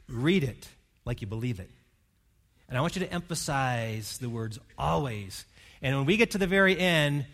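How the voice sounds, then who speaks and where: In a church hall, a pastor delivers a sermon in an earnest, pastoral manner, leading his congregation in prayer and reading. His voice is a little high and fairly bright.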